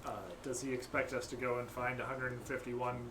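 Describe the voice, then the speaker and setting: Curious male player, mid-pitched. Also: monotone, brisk, a crowd in the background. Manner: curious, asks questions. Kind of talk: casual chat at a game table.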